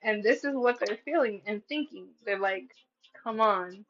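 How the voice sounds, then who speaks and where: A woman's voice: medium pitch, normal speed. A woman doing a casual tarot reading, blunt and profane, acting out what people say and laughing at her own readings. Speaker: tarot reader. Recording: slightly dull lo-fi sound.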